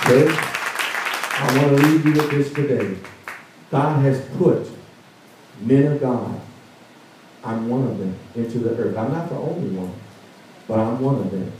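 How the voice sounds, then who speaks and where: Preaching pastor in an echoey church. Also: male voice, mid-range voice, unhurried, pauses often, a crowd in the background, noisy background. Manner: preaches with rising fervor, acting out the story's characters. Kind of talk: sermon. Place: church sanctuary. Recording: distant mic in a very echoey church.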